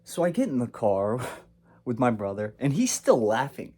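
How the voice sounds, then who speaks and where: A man's voice: medium pitch, normal speed. A young man casually telling a personal story and acting out what he and his brother said. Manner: animated, acts out quotes of himself and his brother.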